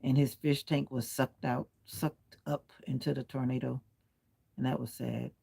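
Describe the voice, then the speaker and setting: Very gravelly, husky man on a livestream. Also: medium pitch, level tone, measured pace, dark tone. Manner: chatty, answers viewer comments one by one; firmly polite about clean language. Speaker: livestream host. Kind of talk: casual livestream chat. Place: at home, lying back with pillow and comforter.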